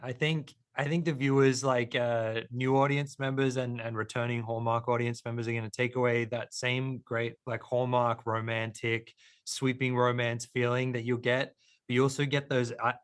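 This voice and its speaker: A man's voice: mid-range voice, flat delivery, normal speed, smooth. Earnest Australian man, actor guest. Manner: thoughtful, earnest, with fillers. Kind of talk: interview answers.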